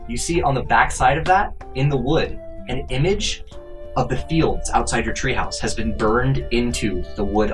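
Laid-back game master over guitar music. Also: male voice, mid-range voice, far from the mic. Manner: relaxed, hesitant with fillers. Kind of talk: narrating a tabletop game.

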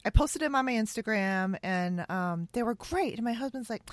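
A woman's voice: a little high, animated, moderate pace, few pauses, no echo. Enthusiastic chatty woman host. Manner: enthusiastic, lots of "um" and "yeah", laughs often. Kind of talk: casual conversational interview.

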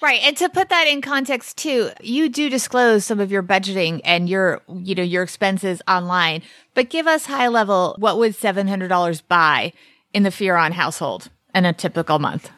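Podcast host, woman, middle pitch, upbeat interviewer, dry close sound. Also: animated, normal speed, fairly bright tone, no room sound. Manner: upbeat, prompting questions. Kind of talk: interviewing a guest.

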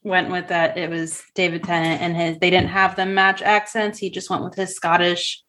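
Woman, podcast co-host, relaxed, agreeable, casual film chat. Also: lowish voice, normal speed.

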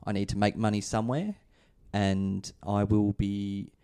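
Low-voiced man hosting casual chat. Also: fairly even intonation, unhurried, mellow, smooth. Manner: chatty, leads the discussion, jokey asides. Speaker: podcast host. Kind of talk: casual fantasy sports chat.

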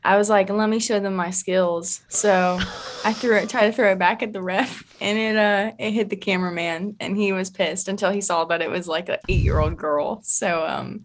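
A woman's voice: mid-range voice, fairly even intonation, moderate pace, a little hiss or hum. A young woman co-hosting a casual radio show, telling embarrassing stories with a giggly, self-deprecating manner. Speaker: radio co-host.

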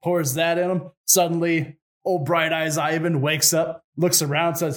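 Brief: slightly high-voiced man, podcast co-host spinning a folk tale with crude jokes. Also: flat delivery. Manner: irreverent, swears, fast retold dialogue. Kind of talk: casual comic storytelling.

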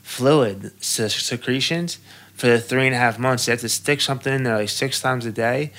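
Guy chatting on a podcast, kinda bright edgy voice, chill and slangy, cusses a lot. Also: medium pitch, normal speed. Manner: laid-back, swears freely, slangy. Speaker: podcast guest. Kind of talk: casual podcast chat.

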